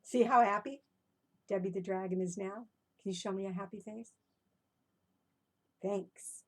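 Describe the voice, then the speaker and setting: A woman reading her own animal rhymes to young children, animated and encouraging, often stopping to ask the listener questions. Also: mid-range voice, slightly rough. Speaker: children's storyteller. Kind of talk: interactive storytelling for children.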